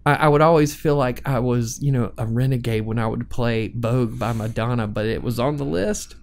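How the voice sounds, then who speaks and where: A man in his forties telling relaxed stories on a podcast. His voice sits in the middle range. He laughs easily as he talks. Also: mid-range voice, fairly quick, vocal fry. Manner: chatty storyteller who laughs often. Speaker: podcast co-host. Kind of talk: casual chat.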